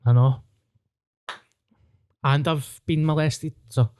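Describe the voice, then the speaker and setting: Glasgow guy hosting a podcast, dark mellow voice, casual and sweary. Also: fairly high pitch, steady tone, slow, smooth. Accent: Scottish, Glaswegian. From Scotland. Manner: candid, swearing, storytelling. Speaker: podcast host. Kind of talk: casual chat.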